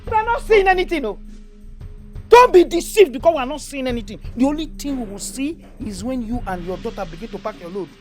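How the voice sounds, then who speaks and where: A sneering nigerian first wife in a nollywood drama, high mocking voice that rises and dips. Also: female voice, very animated, fast talker, faint music behind. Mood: mocking, scornful. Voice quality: mocking, taunting. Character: scornful taunting first wife, sharp-tongued. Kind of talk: Nollywood film acting.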